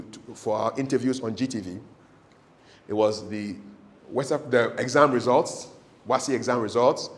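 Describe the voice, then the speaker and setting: A middle-aged man, a TV presenter who gives casual, animated advice on interviewing. He tells stories, repeats phrases for emphasis and laughs often. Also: medium pitch. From Ghana.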